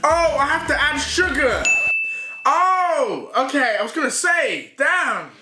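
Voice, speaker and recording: A young British man on a casual taste-test vlog, reacting loudly and with excitement. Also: very high-pitched, slow pace. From United Kingdom. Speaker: YouTuber. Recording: echoey room with loud music.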